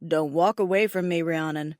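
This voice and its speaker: A woman voicing a stern male dragon lord who teases his mate in a low, coaxing voice in an audiobook. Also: fairly even intonation, moderate pace, a little mellow, dry recording, studio quality, close to an everyday voice. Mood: seductive. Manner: low, coaxing, often laughing.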